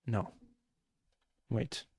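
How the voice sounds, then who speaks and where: A young man streaming a mystery game live, chatting and joking with his viewers as he plays. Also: extremely slow. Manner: chatty, joking, answers chat.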